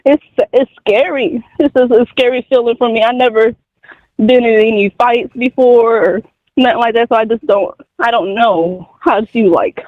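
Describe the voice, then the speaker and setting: A man in his twenties from North Carolina, calling in for advice, talking haltingly with many fillers and restarts. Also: very high-pitched, steady tone, dry recording. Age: 20s. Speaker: caller. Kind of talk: advice call-in conversation. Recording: tinny phone line.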